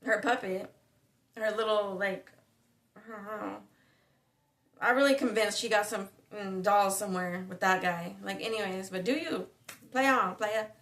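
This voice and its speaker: Bright-voiced woman rambling through a story. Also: mid-range voice, a little slow, long pauses. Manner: slangy, rambling, frequent fillers and restarts. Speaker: spiritual vlogger. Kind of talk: casual storytelling monologue.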